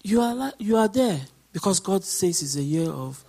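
Man preaching, deacon giving a sermon, pretty high voice, repeats stuff and gets loud. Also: animated, moderate pace, gravelly. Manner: repetitive, emphatic preaching that rises to shouts.

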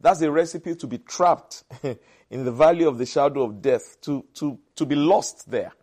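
A man's voice: fairly high pitch, normal speed, a little mellow, breathy edge. A man preaching a sermon as pastor, emphatic and repetitive, calling on the congregation to repeat after him. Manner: emphatic, repeats phrases for the congregation, calls for responses.

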